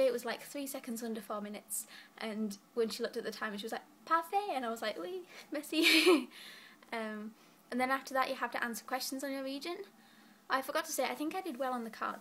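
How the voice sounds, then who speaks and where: A woman's voice: a little high, fairly bright tone. A young woman in her late teens chatting casually to camera from her bed, giggly and rambling, a little out of breath. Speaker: student vlogger. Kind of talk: casual vlog chat. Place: bedroom, lying in bed.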